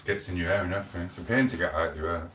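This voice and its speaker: A man's voice: low voice, racing, bright, forceful tone, slight background noise. A man, chatting and rambling through stories on a live stream, quoting back-and-forth conversations. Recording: echoey room, voice a bit far from the mic.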